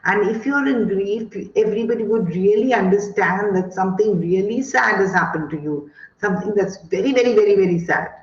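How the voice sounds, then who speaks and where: A woman gives an expressive, emphatic online lecture to teachers. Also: mid-range voice, fairly quick. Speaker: guest speaker on education. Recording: roomy, dull-sounding call audio.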